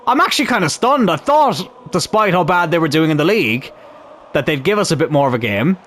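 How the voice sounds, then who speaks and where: A young man talks over his football video game, chatty and excitable, swearing mildly as the match goes on. His voice sits a little high and swings up sharply when something big happens. There is a faint background hum throughout. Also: brisk. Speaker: gaming YouTuber. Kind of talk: live football game commentary.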